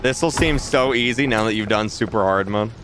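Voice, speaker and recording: A man's voice: on the low side, moderate pace, noisy background. A young man with an Australian accent, chatting casually on a gaming stream while he reads out messages from chat. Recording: game music under the voice.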